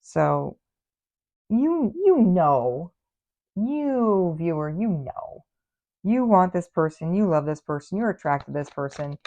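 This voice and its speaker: A woman talks through a casual tarot reading in a low, gravelly voice. She is sassy and quick to sound exasperated. The recording is dull and lo-fi. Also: a little mellow. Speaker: tarot reader.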